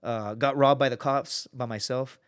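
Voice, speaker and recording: A man's voice: mid-range voice, normal speed, smooth. A man from the United States, a podcast guest telling a story in casual talk, swearing freely and acting out the people he quotes. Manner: profane, animated, acts out quoted people.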